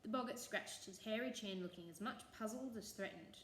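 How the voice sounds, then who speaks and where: A woman telling a traditional folk tale in an expressive, lilting storytelling way. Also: mid-range voice, fairly quick, a little hiss or hum. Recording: echoey room, faint ambience.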